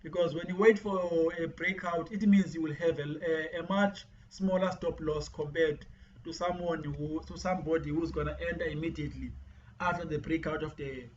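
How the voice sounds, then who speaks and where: High-voiced man teaching with many restarts. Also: steady tone, moderate pace. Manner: repeats words, restarts often, "guys". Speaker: forex trading teacher. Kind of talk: screen-share tutorial. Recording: dull lo-fi mic with faint hiss.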